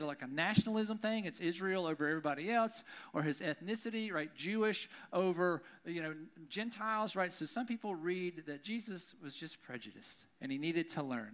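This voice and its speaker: A man's voice: sits high, fairly bright tone. Conversational male pastor preaching. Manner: conversational, keeps asking "right?". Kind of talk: sermon.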